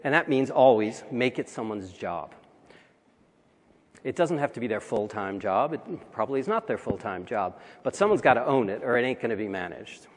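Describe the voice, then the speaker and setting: A man's voice: medium pitch, animated, moderate pace. Conversational man speaking in a reverberant hall. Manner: conversational, wry asides. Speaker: conference speaker. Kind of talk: conference talk. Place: large conference hall.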